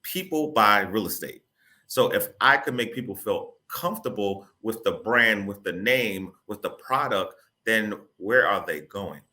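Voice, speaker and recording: A man from the Boston area, a real estate broker, telling his story as an interview guest in an animated, casual way, repeating words and using informal grammar. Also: fairly low pitch, a little slow. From Boston area, Massachusetts.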